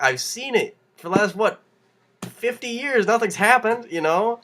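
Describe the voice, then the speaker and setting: A man's voice: high voice, lively intonation, measured pace, fairly bright tone. Young guy, casual fired-up rant delivered with laughs and restarts. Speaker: vlogger.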